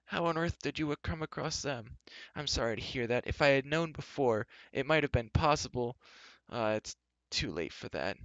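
A man's voice: mid-range voice, lively intonation, normal speed, fairly bright tone, dry recording, lo-fi sound, voice pushed up. A man voicing a timid, gloomy male hermit who speaks in a dismal, anxious whine. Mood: fretful.

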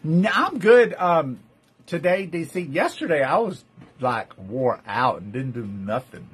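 A man's voice: medium pitch, unhurried, fairly bright tone, breathy edge. A man with a Texan accent hosting a live-stream jewelry sale, chatty, greeting viewers by name and calling them love. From Texas. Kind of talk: live-stream sales chat.

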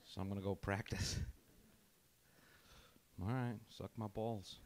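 A man's voice: lowish voice, steady tone, unhurried, a little mellow, a little hiss or hum. A male stand-up comedian in a comedy club, abrasive and profane, taunting the audience. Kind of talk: stand-up set.

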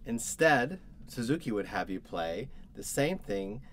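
A man teaching a cello lesson, explaining bowing patterns step by step and pausing to demonstrate. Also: medium pitch, sing-song, fairly bright tone, soft background music. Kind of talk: instructional explanation.

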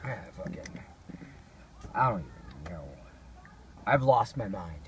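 A man's voice: fairly low pitch, animated, a little slow, a little hiss or hum. A man casually telling rambling, profanity-laced stories to a friend. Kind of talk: casual storytelling.

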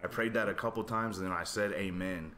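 A man's voice: low voice, fairly even intonation, a little fast, bright, forceful tone, a little hiss or hum. A man in casual podcast chat, telling a story in a rambling way full of likes and restarts.

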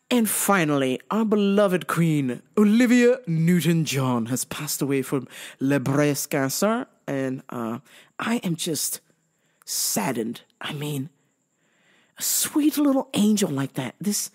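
A middle-aged woman hosting a podcast in loose, profane chat, swearing freely and often breaking into song. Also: low-pitched. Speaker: podcast host. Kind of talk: casual profane chat with bursts of singing.

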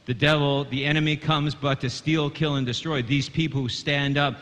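A man's voice: a little high, steady tone, normal speed, a bit bright. A man teaching a sermon to a congregation in earnest tones, often catching on repeated fillers and restarts as he asks the listeners to follow along. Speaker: Bible teacher. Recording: long hall reverb.

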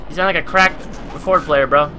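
A man's voice: fairly high pitch, fairly even intonation, a little fast, pushed and bright, faint music behind. A man in his twenties from New Jersey, playing through a horror game and commenting, jumpy and swearing constantly, yelping when startled. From New Jersey, USA. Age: 20s. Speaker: let's play gamer. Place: at home at a gaming computer.

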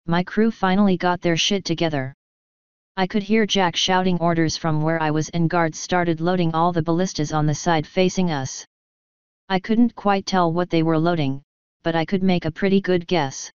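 Woman reading fanfic out loud, super clear lowish voice, dry slightly muffled sound. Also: normal speed, dry recording. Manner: steady first-person narration. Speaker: fanfiction reader. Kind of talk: reading a story aloud.

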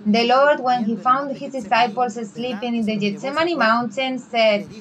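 A woman preaching a fervent sermon in halting English, raising her voice when she quotes Bible figures. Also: on the high side, a bit bright, rough recording. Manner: halting, non-native English with restarts.

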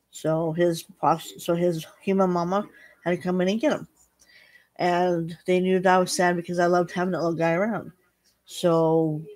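A middle-aged woman chatting casually to her viewers, telling a halting, rambling story full of restarts. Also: lowish voice, a little mellow. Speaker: vlogger. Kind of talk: casual chat.

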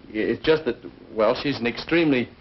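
An actor playing a suave but easily flustered bachelor photographer in a 1950s sitcom, often stammering. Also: male voice, mid-range voice, brisk, natural voice. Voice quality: smooth, flustered, stammering charm. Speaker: lead of a sitcom. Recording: dull, hissy old TV soundtrack.

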